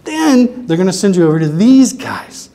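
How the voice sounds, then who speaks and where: A man with a Southern US accent giving a casual, chatty talk at a conference, full of quick asides. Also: sits high, very animated, warm tone. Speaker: presenter.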